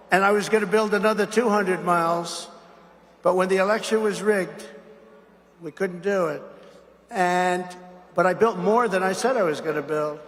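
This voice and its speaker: A man's voice: high-pitched, fairly bright tone. A man giving a rambling, sarcastic speech at a gala, repeating himself and wandering between points. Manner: sarcastic, digressive, repetitive. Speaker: gala speaker. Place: large banquet hall. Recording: long hall reverb.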